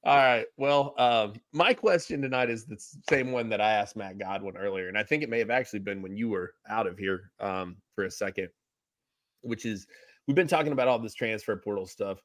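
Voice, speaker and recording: A man's voice: on the low side, a bit bright, no echo. A man hosting a casual sports podcast, joking and asking his guest questions. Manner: joking, quick to laugh. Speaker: podcast host.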